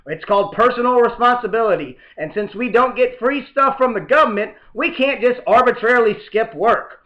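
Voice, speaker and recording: A man's voice: sits high, muffled recording. A man hosting a political comedy show, reading the news with a sarcastic, mock-outraged tone. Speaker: podcast host. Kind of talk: satirical political commentary.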